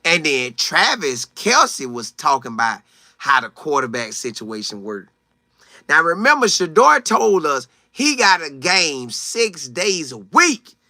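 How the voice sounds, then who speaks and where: A bright, fairly high-voiced man hosts a live sports talk stream and answers viewers' comments one by one. His pitch swings all over as he gets worked up, repeats phrases for emphasis and acts out what others said. The sound is dry and close. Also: measured pace, dry recording. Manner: animated, excitable, reads viewer names and answers them. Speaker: sports talk show host.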